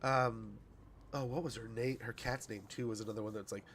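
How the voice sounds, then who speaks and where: A man's voice: medium pitch, fairly even intonation, a little fast, fairly bright tone, a little hiss or hum. A man in his livestream chat, reading patch notes aloud in an ordinary, mid-range voice. He rambles, trips over words and laughs at his own slips as he goes. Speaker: streamer.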